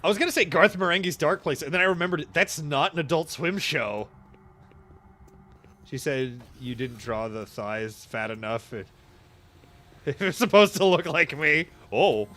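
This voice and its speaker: A man's voice: on the high side, expressive, a little slow, bright, forceful tone. A young man chatting casually and laughing while streaming a game. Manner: goofy, laughing, quoting cartoon lines in silly voices. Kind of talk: casual gaming stream chat.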